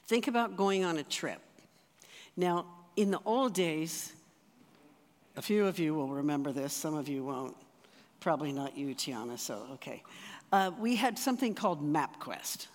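A church teacher gives sermon teaching in an easy, conversational manner. The teacher asks the room rhetorical questions. The voice sits at a middle pitch, and the hall adds a long reverb. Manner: conversational, with rhetorical asides to the audience.

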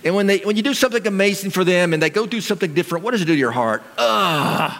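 A middle-aged man preaches into a stage mic, animated and emphatic, and often repeats himself for effect. His voice sits a bit high for a man. A long reverb rings around him in a large church hall. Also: rapid-fire. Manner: animated, emphatic storytelling with repetition. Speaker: pastor. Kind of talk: sermon.

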